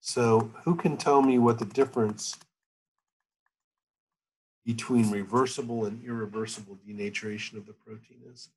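A man giving a university chemistry lecture over a video call, thinking aloud with many pauses and fillers. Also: medium pitch, fairly even intonation, a little mellow, husky, poor audio. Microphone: computer mic on a video call.

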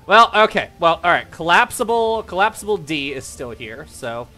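Man hosting a game stream, high voice, bright tone, playful and laughing, faint game music. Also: big pitch swings, normal speed. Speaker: streamer and host. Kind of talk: live game stream commentary.

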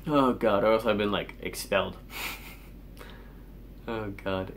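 A man's voice: on the low side, steady tone, unhurried, a little hiss or hum. A teenage boy ranting angrily in a vlog, swearing constantly and sighing in exasperation. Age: teens. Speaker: vlogger.

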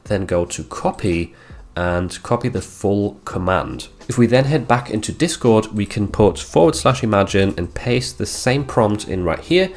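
A man hosting a screen-recorded software tutorial, explaining each step plainly as he walks through the clicks. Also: lowish voice, animated, unhurried. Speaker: tutorial host.

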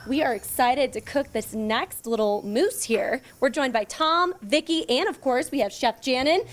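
A woman's voice: high-pitched, moderate pace. A woman TV reporter, bubbly and laughing often, doing a live morning segment from a cooking class kitchen.

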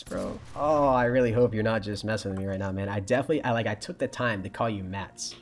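A man's voice: medium pitch, fairly quick, faint music behind. A young man in college streaming a shooter game, chatting casually and answering his viewers' messages. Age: young adult. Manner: relaxed, chatty, reads and answers chat. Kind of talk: casual live-stream chat while playing.

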